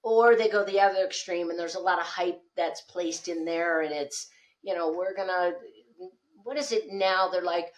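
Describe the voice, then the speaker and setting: A woman speaking coach, a guest on a podcast, telling animated stories and acting out the dialogue. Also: fairly low pitch, moderate pace. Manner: animated storyteller, acts out quoted dialogue. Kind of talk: lively podcast conversation.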